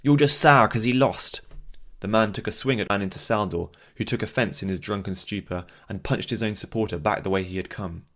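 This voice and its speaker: Audiobook narrator, man, very deep voice, measured fantasy storytelling. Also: steady tone, a bit bright.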